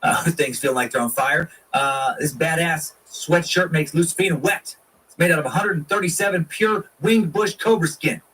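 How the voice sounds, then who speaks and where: A man's voice: a little high, moderate pace, fairly bright tone, recorded from a distance, a little hiss or hum, rough recording. A man hosting a casual history podcast, irreverent and profane, with jokey asides. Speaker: podcast host.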